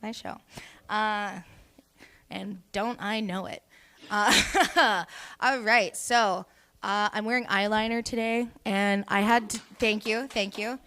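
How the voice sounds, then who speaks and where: A woman's voice: medium pitch, fairly even intonation, takes it slowly, pushed and bright, smooth. A young woman, hosting a comedy cabaret with crude, teasing, rambling banter. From Canada. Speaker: comedy show host. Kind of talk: casual stand-up banter.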